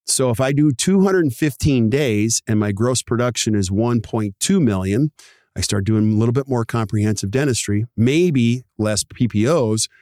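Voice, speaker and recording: With a mid-range voice in a dry, clean studio recording, a male podcast host explains practice numbers full of energy. He animates his explanation with small acted-out dialogues, quickly voicing other people as asides.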